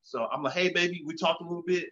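A man in casual chat, telling animated stories and acting out both sides of conversations. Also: on the high side, fast. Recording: dull lo-fi sound.

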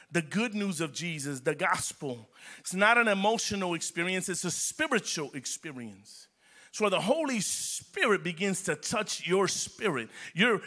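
A man's voice: high-pitched, sharp tone. A male pastor preaching a sermon in a church, fervent and repeating his phrases for emphasis.

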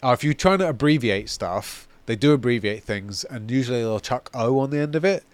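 A man with a London accent co-hosting a casual gaming chat, explaining things with lively, swear-laced energy. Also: medium pitch, brisk, no room sound. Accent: London English. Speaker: podcast co-host.

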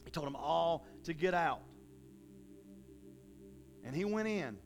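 A man preaching a sermon in a casual, folksy way, with animated bursts of emphasis. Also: a little high, takes it slowly, creaky, pauses often, faint music behind.

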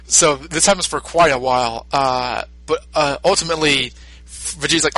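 At normal speed and a fairly high pitch, a man co-hosting a podcast recaps a film in relaxed conversation, laughing a lot. His storytelling is animated, and the recording is dry.

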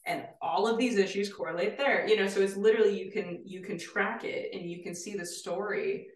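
A woman's voice: medium pitch, a little fast. A woman guest therapist explaining her work in an enthusiastic, explanatory way. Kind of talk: casual interview chat. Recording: roomy, distant mic.

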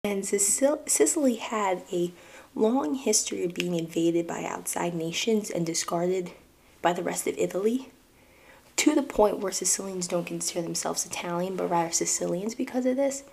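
A woman's voice: fairly low pitch, lively intonation, normal speed, gravelly, a little mellow. A young woman with a New York accent hosting a casual podcast, chatting about a book and its film with asides to her listeners. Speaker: podcast host.

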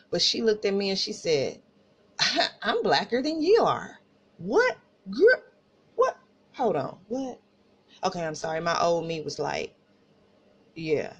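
A woman podcast host from Tulsa with an Oklahoma country accent, telling personal stories in a casual, animated way and talking straight to listeners. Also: medium pitch. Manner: animated, laughing asides, addresses listeners as y'all.

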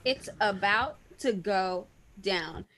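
A woman co-hosting a casual podcast chat, gushing and crude, talking with big swings of excitement. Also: medium pitch, slow pace, slight background noise. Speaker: podcast co-host.

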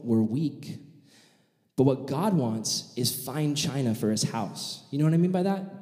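A man preaching a sermon, telling a vivid story and acting out the voices of its characters in an animated way. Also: mid-range voice. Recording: echoey hall with long reverb.

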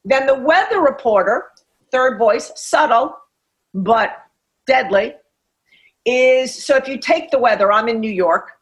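Woman coach, middle-aged, somewhat high pitch, emphatic and blunt, salty language. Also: expressive, low-quality recording. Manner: emphatic, blunt, swears freely; acts out inner voices in quick asides. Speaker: master coach, podcast guest. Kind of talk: coaching talk in a podcast interview.

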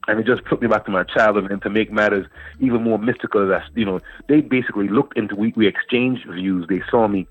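A man's voice: on the low side, fairly even intonation, quick pace, hardly any pauses, no echo. A man in his fifties from Antigua, a guest poet telling a long story in a radio interview, repeating words and phrases as he goes. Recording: dry phone-like radio line.

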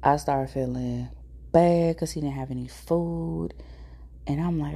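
Low gravelly woman telling a story. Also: unhurried. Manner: chatty, slangy, animated retelling with quoted dialogue. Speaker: podcast host. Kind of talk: casual storytelling.

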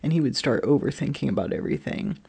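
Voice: mid-range voice, expressive, fast, creaky, mellow, breathy edge. A speaker in their thirties sharing a candid personal story, rambling, with lots of "like" fillers and casual swearing.

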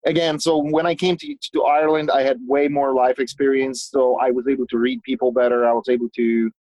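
A man telling stories as a guest in a casual conversation, animated and talkative, often restarting his sentences. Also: mid-range voice, a little fast, poor audio. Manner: swears casually. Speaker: guest, business owner.

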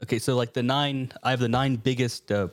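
A man's voice: medium pitch, little pitch movement, brisk, dry recording. A man co-hosting a casual podcast, telling stories in a laid-back, matter-of-fact way. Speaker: podcast co-host. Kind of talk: casual chat.

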